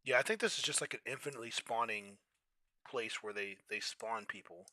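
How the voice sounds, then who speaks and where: A young man chatting casually while he plays a game on stream, loud in his reactions and often clearing his throat. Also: medium pitch, fairly quick, no echo. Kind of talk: casual gameplay commentary.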